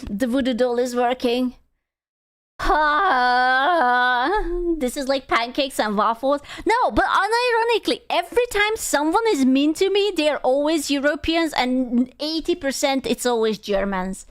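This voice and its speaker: A woman's voice: high-pitched, expressive, unhurried. A young woman streamer in casual chat, blunt and profane as she rants to her viewers.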